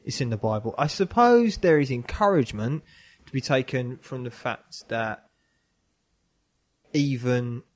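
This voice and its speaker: A man's voice: mid-range voice, animated, a little slow. A man hosting a casual podcast, reading a Bible passage with lots of self-mocking laughter. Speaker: podcast host.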